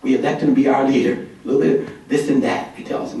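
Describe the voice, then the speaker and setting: A man giving a conference talk as a community organizer, telling a story in an animated, folksy, emphatic way. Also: mid-range voice, fast, slight background noise. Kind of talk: conference speech. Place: conference hall. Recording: echoey hall from far off.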